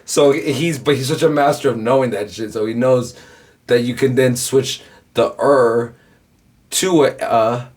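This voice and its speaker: A man's voice: mid-range voice, a little slow, darkish tone. A young man hosting a reaction video, breaking down rap wordplay in a rambling, casual way full of "like" and "bro". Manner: rambling, repeats himself, says "bro" and "like" a lot. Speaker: reaction channel host.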